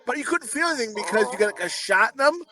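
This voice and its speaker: A man's voice: extremely high pitch, animated, racing, crowd noise. A middle-aged man co-hosting a podcast, rambling through profane anecdotes with laughing asides. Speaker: podcast co-host. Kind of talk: crude casual podcast banter.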